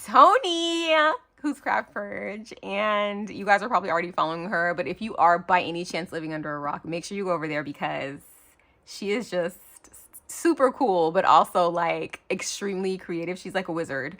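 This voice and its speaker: A woman's voice: on the low side, expressive, normal speed, a bit bright. A woman crafting vlogger unboxing a surprise package, gushing and squealing with lots of chatty fillers. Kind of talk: excited unboxing vlog.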